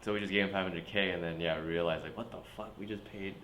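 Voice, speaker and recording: A man's voice: deep voice, fairly even intonation, quick pace, a bit bright, echoey room, a little hiss or hum. A man from California, a comedian guest telling stories in a casual podcast chat, swearing freely and acting out what people said. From United States, California. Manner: laid-back storyteller, swears freely, acts out quotes.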